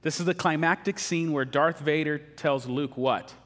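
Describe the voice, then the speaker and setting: A man gives a sermon in a casual, joking way, chatting with his listeners. His voice sits a bit high for a man, and a long reverb hangs on his words, as in a church sanctuary. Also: moderate pace, a bit bright. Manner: casual, joking, conversational preaching. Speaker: pastor.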